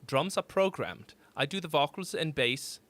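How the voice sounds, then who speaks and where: A polite, soft-spoken German drummer, as a man puts him on, speaking in a slow, careful German accent. The voice sits a little higher and much quieter than an ordinary speaking voice. He sounds gentle and earnest. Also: animated.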